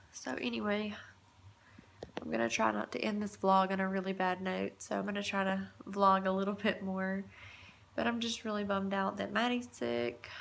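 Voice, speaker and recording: A woman in her thirties talks softly into her phone camera in a home kitchen, tearful and hushed so she won't wake her sleeping child. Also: mid-range voice, vocal fry, slight background noise. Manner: soft, hushed to avoid waking a child. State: tearful, close to crying. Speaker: vlogger, mother. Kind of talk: casual vlog.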